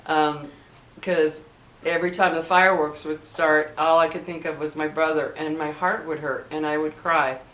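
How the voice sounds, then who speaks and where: A middle-aged woman vlogger talking earnestly to her viewers about personal matters, halting and restarting her sentences often. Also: deep voice, little pitch movement. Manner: halting, with many restarts and soft earnest asides. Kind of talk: heartfelt personal talk to camera. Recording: echoey room with faint background hum.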